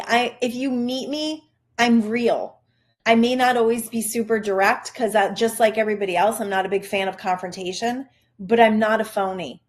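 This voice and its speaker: A woman's voice: a little high, steady tone, normal speed. A middle-aged woman hosting a parenting podcast, giving an upbeat, chatty motivational talk aimed straight at the listener. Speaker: podcast host, parenting coach. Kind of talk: casual motivational monologue.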